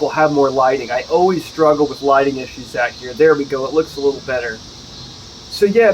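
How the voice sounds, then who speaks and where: Casual male whiskey reviewer, slightly higher voice, joking asides, recorded outdoors with faint night noise. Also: poor audio. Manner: chatty, jokey, self-correcting asides. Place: outdoors at home, with neighbors nearby.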